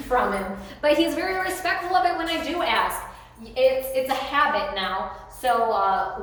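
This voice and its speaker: A woman's voice: a little high, a bit bright, slight background noise. Chatty woman dog trainer, echoey room. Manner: chatty, coaxing praise to a dog. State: voice getting hoarse.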